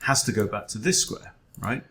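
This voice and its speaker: Gravelly man thinking aloud. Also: fairly low pitch, normal speed, pushed and bright. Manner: wry, self-deprecating, muttering to himself. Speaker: chess coach. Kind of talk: thinking aloud during an online chess game.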